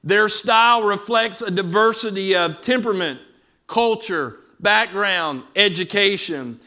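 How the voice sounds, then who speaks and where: Male pastor, bright high voice, slow and explanatory evening teaching. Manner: measured, explanatory, asks the congregation questions. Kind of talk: evening Bible teaching sermon.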